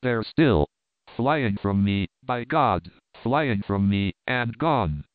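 A man voicing a haunted, agitated middle-aged sea captain who speaks in a hushed, urgent way. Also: lowish voice, expressive, slow, dry recording. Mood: agonized. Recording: narrow phone-like band.

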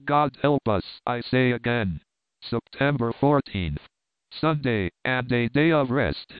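Smooth-voiced man narrating a story. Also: medium pitch, lively intonation, slow, no room sound. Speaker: audiobook narrator. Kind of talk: scripted narration of a classic story. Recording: narrow phone-like band, dry.

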